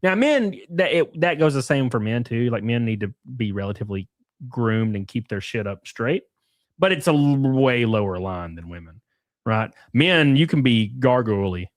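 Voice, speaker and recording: A man's voice: mid-range voice, lively intonation, moderate pace, dry recording. Casual man chatting on a dry close mic. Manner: loose and rambling, frequent laughs and crude asides. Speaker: streamer reacting with chat. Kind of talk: casual livestream chat.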